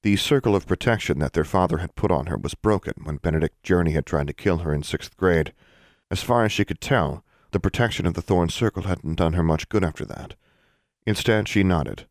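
A man narrating a fantasy novel for a podcast in a steady, even reading style. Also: sits low, brisk, dry recording, studio quality. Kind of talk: scripted narration.

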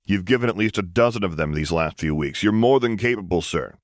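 A man's voice: low-pitched, lively intonation, a little fast, no echo. A man reading a story aloud, voicing a blunt, exasperated second-in-command engineer in a dry, no-nonsense manner. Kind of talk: audiobook reading of fan fiction.

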